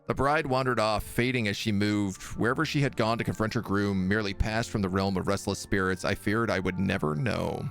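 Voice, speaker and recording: A man streaming a game, reading its story text aloud in a measured way and chatting softly to his cat between passages. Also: lowish voice, steady tone, creaky, faint music behind.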